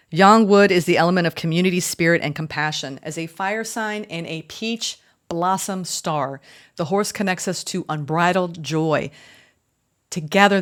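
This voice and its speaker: A woman giving a spiritual tarot reading, effusive and choked up, calling her viewers y'all. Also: low-pitched. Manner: warm, effusive, emotional, addresses viewers as y'all. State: choked up, tearful. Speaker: tarot reader.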